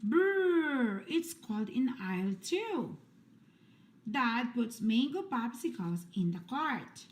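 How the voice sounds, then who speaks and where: A woman reads a picture book aloud for children, taking her time over each line. Her voice is fairly high and swoops up and down with lively, sing-song emphasis. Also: slow pace, a little hiss or hum. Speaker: storybook reader.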